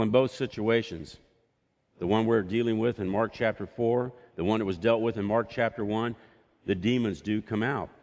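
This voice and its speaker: A man's voice: mid-range voice, big-room sound. A man preaching a sermon as pastor, telling a story and acting out voices from the scripture. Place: church sanctuary.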